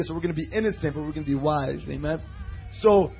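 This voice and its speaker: An animated man preaching from the pulpit, his voice on the higher side. He reads scripture slowly and drifts into personal stories packed with fillers and acted-out voices. The recording is dull and lo-fi, with faint music underneath. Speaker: pastor. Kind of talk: sermon with storytelling.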